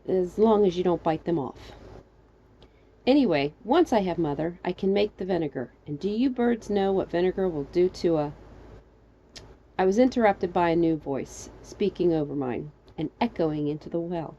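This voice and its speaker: Brief: woman storyteller, deadpan-wry comic narration, low warm tone, dull recording. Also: moderate pace. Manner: wry, animated, jumping high for quoted lines. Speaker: storyteller reading her fan fiction.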